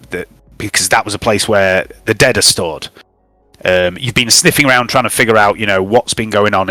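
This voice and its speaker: A man narrates a tabletop game as its game master, talking in a relaxed way with lots of ums and uhs. His voice comes across bright and clear, recorded dry and close with faint music underneath. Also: on the low side, no room sound. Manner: relaxed recap with frequent fillers.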